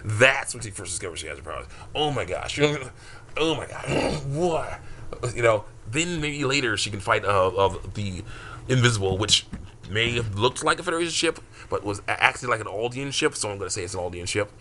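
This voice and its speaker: Male, low and bright, loose rambling monologue, laughs often. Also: expressive, moderate pace, a little hiss or hum. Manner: rambling, many fillers, frequent laughs. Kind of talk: casual monologue about his fan story.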